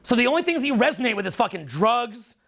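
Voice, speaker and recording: A man's voice: very high-pitched, very animated, fast, creaky, a bit bright. A middle-aged Canadian man with a Canadian accent giving a live seminar talk, profane and teasing. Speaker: seminar speaker.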